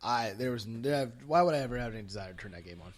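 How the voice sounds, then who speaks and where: A man's voice: mid-range voice, lively intonation, fast. Casual rambling sports podcast guy. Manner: loose, rambling, lots of restarts and fillers.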